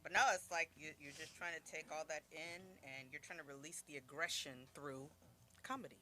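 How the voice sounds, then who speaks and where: A man's voice: a little high, fairly even intonation, a little fast, bright, forceful tone. A man hosting a casual podcast interview, mostly offering short, supportive responses and asking follow-up questions. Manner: supportive listener with frequent short backchannels. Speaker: podcast host.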